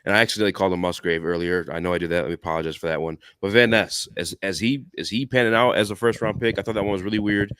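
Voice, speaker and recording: A man's voice: low voice, steady tone, racing, hardly any pauses, fairly bright tone, clear, resonant tone, dry recording, studio quality. A man co-hosting a casual sports podcast, loose and blunt, with stumbling starts. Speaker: podcast co-host.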